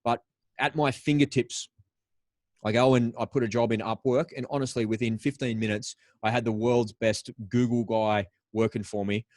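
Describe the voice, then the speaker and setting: A man's voice: medium pitch, fairly even intonation, moderate pace, a little mellow, no room sound. Upbeat Australian man, dry sound. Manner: upbeat, storytelling with slang. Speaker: podcast guest. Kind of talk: casual interview talk.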